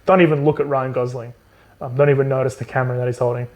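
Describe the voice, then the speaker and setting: A man's voice: mid-range voice, flat delivery, fast, a little mellow. Sarcastic, foul-mouthed man recapping a book. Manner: sarcastic, profane, laughing. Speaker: podcast co-host. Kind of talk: comedic book recap chat.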